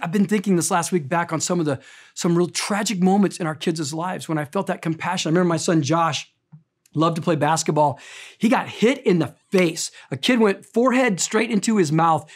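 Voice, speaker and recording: Preaching as a pastor, a middle-aged man tells stories earnestly and forcefully, swelling in intensity and then softening into quiet tenderness. He speaks fairly quickly in a high register.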